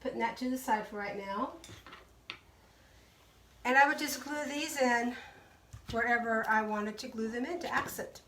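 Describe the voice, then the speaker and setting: A woman's voice: on the high side, moderate pace, pauses often, a bit bright, distant mic, a little hiss or hum. Chatty woman teaching a craft, roomy sound. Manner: chatty, greets live viewers by name. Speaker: craft tutorial host. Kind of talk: casual live craft demonstration.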